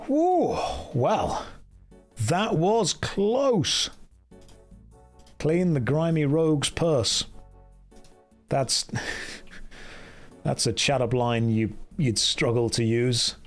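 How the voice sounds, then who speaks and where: A man's voice: mid-range voice, takes it slowly, pauses often, faint music behind. A man chatting on a casual gameplay livestream, joking and rambling as he reads game text aloud. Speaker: streamer.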